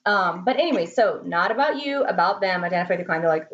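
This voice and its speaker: A woman's voice: on the low side, fast talker, lo-fi sound. A woman marketing consultant talking casually in a vlog from her home office, chatty, laughing often and repeating words for emphasis.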